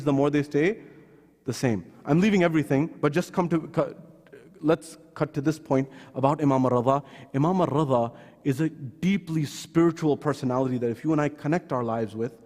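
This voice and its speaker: A man giving a sermon at a mosque, retelling stories earnestly and acting out the voices of the people in them. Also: a little mellow. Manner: earnest, acts out quoted voices with pitch rises. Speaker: speaker at a mosque gathering. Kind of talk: sermon with storytelling. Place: mosque hall. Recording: long hall reverb.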